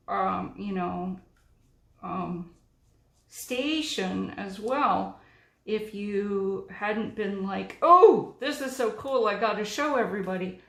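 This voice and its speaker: A middle-aged woman chatting through a card-making tutorial, talking her way through each step with frequent ums. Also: medium pitch. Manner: chatty, narrates while working, many ums. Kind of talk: crafting tutorial chat. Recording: echoey room.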